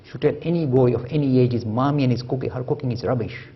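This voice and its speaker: A man's voice: medium pitch, fast, husky, lo-fi sound. A man giving a public lecture, storytelling with humor and emphatic delivery.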